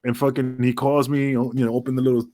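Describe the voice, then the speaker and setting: A man's voice: medium pitch, level tone, fast, mellow. A man, a former wrestler guesting on a podcast, telling rambling, profane stories and laughing as he goes. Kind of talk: casual storytelling.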